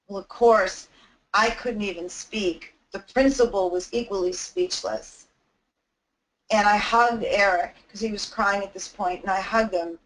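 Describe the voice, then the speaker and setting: A woman's voice: mid-range voice, fairly even intonation, unhurried, fairly bright tone, low-quality recording. A woman giving an anti-bullying webinar talk, telling a personal story in an earnest, heartfelt way.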